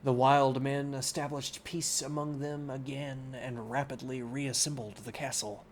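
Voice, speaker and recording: A man reading a classic novel aloud as a bedtime story on a live stream, pausing now and then for unhurried, musing asides to his viewers. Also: medium pitch, little pitch movement, slight background noise.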